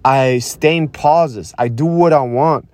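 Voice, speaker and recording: A man's voice: mid-range voice, darkish tone, dry recording. Intense swearing young man, dry sound. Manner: intense, repetitive, swears a lot, pauses to breathe. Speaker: podcast host. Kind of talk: raw unscripted monologue.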